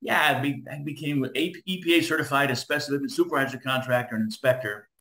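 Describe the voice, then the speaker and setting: A man's voice: medium pitch, fast. A middle-aged man from Southern California, a former radio DJ, telling stories as an interview guest and acting out the voices of the people in them. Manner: animated, acts out voices in his stories. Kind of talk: casual storytelling.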